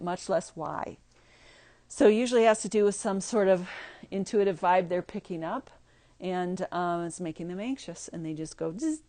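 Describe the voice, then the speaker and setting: A woman leading a group workshop, talking haltingly with many fillers and frequent laughs. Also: medium pitch, warm tone, no echo. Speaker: workshop leader. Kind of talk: group discussion, teaching.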